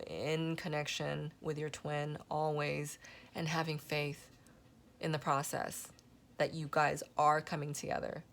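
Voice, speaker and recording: Tarot reader, woman, lower voice, talks to viewers in a loose, emotional, rambling way. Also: a bit bright. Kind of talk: channeled tarot reading.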